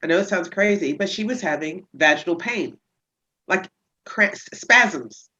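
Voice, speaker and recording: A woman chiropractor talking about her patients as a guest on a casual podcast interview, telling stories with lively energy. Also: unhurried, muffled recording. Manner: lively storyteller who acts out patients in high voices.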